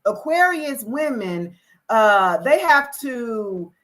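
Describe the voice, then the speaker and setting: High-voiced, animated woman reading tarot live. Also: slow. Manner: animated, greets viewers, swings between loud exclamations and low asides. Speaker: tarot reader hosting a livestream.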